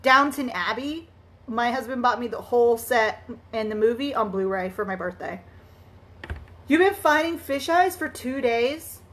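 A woman's voice: on the high side, animated, unhurried, a bit bright. A woman hosting a casual live stream while she crafts. She chats in a bubbly way, greets viewers by name and laughs often.

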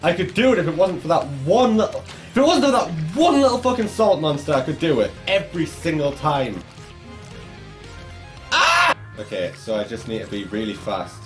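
A man commentates his gameplay in a fairly high voice that swings widely as he rages. He swears and shouts at the game, then mutters to himself, with faint music playing behind him. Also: big pitch swings, brisk. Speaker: gaming YouTuber. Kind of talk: let's play commentary.

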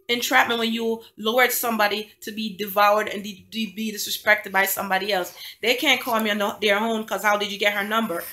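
A woman with a mid-range, bright, forceful voice vlogs about a conflict as a single mom, indignant and emphatic, pressing her point through repeated rhetorical questions in a storytime format.

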